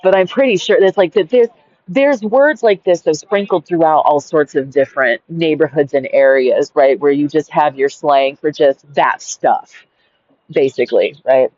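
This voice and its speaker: A woman's voice: low-pitched, normal speed, darkish tone. A woman reading her own anecdote aloud and breaking off into rambling, giggly asides full of fillers. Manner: digressive, giggly, many "like" and "right?" fillers. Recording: dull lo-fi home recording.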